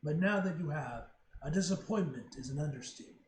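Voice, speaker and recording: A haughty armored villain-sorcerer as a man reads him aloud speaks in a lofty, stumbling way, tripping over long formal words. The voice sits high for a man. The sound comes from a roomy space with a faint hiss behind it. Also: expressive, fairly quick, lightly acted. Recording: roomy room, faint noise.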